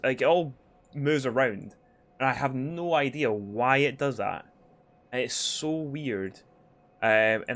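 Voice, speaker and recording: Rambling gaming streamer. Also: male voice, medium pitch, fairly bright tone. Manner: rambling, swears, lots of fillers. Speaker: game streamer. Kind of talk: casual live-stream commentary.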